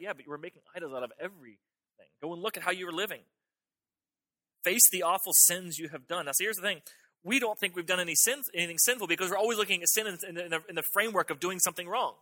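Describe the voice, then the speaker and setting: A man's voice: high-pitched, sharp tone, no echo. A man preaching a sermon in a conversational way, often restarting words and acting out the lines of God and of his listeners. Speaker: pastor.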